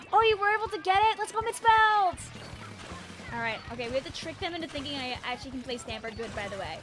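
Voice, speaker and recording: Young woman, game streamer, high voice, very lively swings, giggly, music playing behind. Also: fast talker. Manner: bubbly, giggly, chatting with viewers. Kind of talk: casual live-stream commentary.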